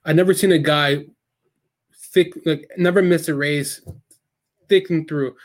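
A man chatting casually on a podcast, telling animated stories with a lot of energy and plenty of swearing. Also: a little high, a little slow. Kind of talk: casual chat.

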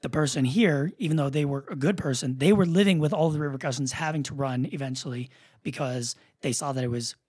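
A man's voice: medium pitch, a little fast, a little mellow, slightly rough. A man co-hosting a podcast, chatting casually and thinking aloud with restarts. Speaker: podcast co-host. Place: room recording a podcast.

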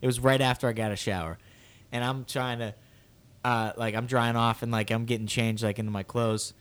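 A man's voice: mid-range voice, fairly even intonation, a little fast, clean tone. A young man co-hosting a casual podcast chat, rambling through stories and acting out wails. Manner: rambling storyteller, acts out childish wails. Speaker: podcast co-host.

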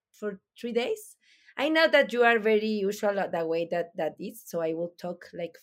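A woman with a Mexican accent, a native Spanish speaker, explaining her production in halting English with many restarts as she searches for words. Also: medium pitch. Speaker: mezcal producer. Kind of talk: interview answers.

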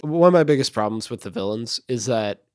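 A man's voice: medium pitch, lively intonation, darkish tone, no echo. A man co-hosting a podcast, chatting casually and with strong opinions while he reviews a movie. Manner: opinionated, conversational, quick asides. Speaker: podcast co-host.

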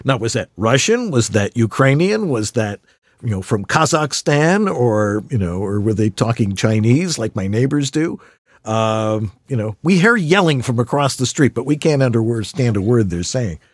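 A man's voice: mid-range voice, moderate pace, no room sound, studio quality. A man hosting a casual interview, rambling and playful as he asks questions. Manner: rambling, animated, playful asides. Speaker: podcast host.

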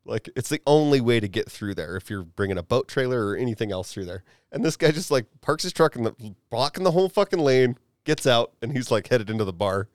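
A man's voice: medium pitch, a little fast, hardly any pauses, no echo, clean studio sound. A man hosting a podcast, telling a story in casual chat with lots of swearing and acted-out quotes. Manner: profane, animated retelling with acted quotes. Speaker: podcast host.

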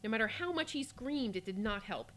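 A woman podcast host reading a fairy tale aloud, breaking off for lively, laughing asides. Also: fairly high pitch, a little fast, a little hiss or hum.

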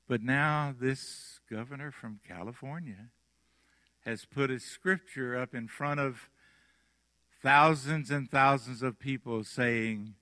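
A man with a Southern accent preaches a sermon at an unhurried pace, leaning on words and letting phrases fall away softly. His voice has a bright, forward edge, and the recording is dry with no room echo. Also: medium pitch. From Mississippi. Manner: slow, emphatic preaching with soft trailing phrases and dramatic pauses. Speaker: pastor.

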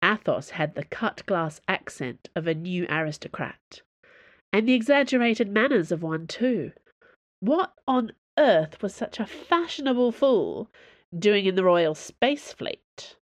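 A woman narrating an audiobook in a measured, expressive way. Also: medium pitch, dry recording, clean studio sound.

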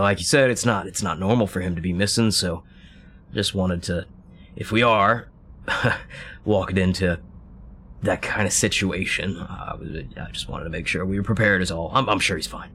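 A man's voice: sits low, moderate pace, a bit bright. A man playing an investigator in a tabletop game, easygoing and hesitant with many fillers. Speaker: player. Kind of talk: casual tabletop play.

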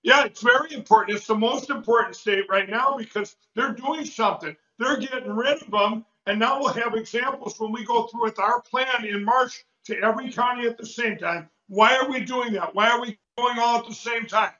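A fired-up male host pushes his audience with rapid, repeated urgent appeals. His voice sits high and sounds bright and forceful. The audio is roomy and echoey, with a dull lo-fi quality. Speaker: show host. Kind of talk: urgent call to action.

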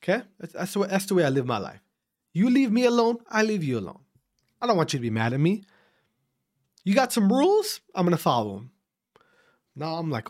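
Animated ranting man with high lively pitch. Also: fairly quick. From Wisconsin, USA. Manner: profane, repetitive, animated ranting; restarts and repeats phrases. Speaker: vlogger. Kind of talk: casual rant to camera.

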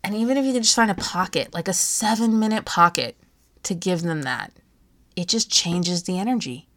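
Woman, 30s, podcast host; casual, chatty, playful, quick to laugh. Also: on the low side, lively intonation, fairly bright tone.

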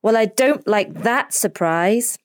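A woman voicing an eager, impatient young boy in a children's story, speaking in high, breathless squeals. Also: animated, slow pace, no echo, studio quality. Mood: disappointed.

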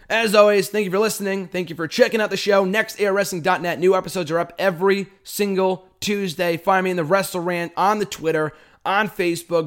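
A man hosting a wrestling podcast, excitable and rambling, swearing casually as he chats. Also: sits high. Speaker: podcast host.

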